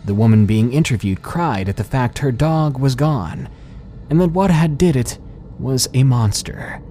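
A man reading out submitted scary stories as scripted horror narration, slow and measured. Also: medium pitch, animated, dark tone, slight background noise.

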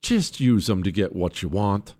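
A man hosting a radio talk show, giving opinionated political commentary in an emphatic, sarcastic way, often jumping into high mocking voices. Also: animated, moderate pace, mellow.

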